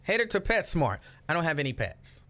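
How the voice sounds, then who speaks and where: A man hosting a live stream, chatting with viewers and telling a story in an animated, casual way. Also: a little high, normal speed. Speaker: livestream host.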